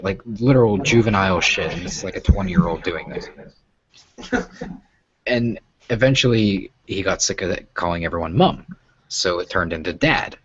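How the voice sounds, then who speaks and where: A man's voice: deep voice, a bit bright, slightly rough, no echo, dull audio. An American man in his twenties hosting a casual chat, rambling and profane with many fillers. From United States. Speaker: host.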